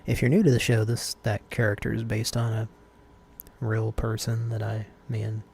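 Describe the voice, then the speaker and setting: Creaky-voiced man hosting a live stream. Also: lowish voice, moderate pace, a little hiss or hum. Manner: rambling, relaxed, with many fillers and restarts. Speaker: host of a live call-in stream. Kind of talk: casual live-stream chat.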